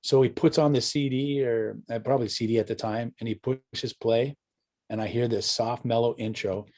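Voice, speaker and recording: A middle-aged Canadian man, a hockey parent appearing as a guest in a casual storytelling interview, rambles through anecdotes at normal speed. His medium-pitched, darkish voice stays steady as he restarts, corrects himself, and chuckles at his own stories.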